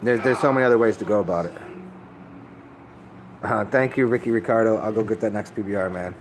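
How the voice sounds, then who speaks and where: Low-voiced rambling man chatting live. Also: fast, background noise. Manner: rambling, profane, laid-back, restarts often. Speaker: livestreamer answering chat. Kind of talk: rambling casual live-stream chat.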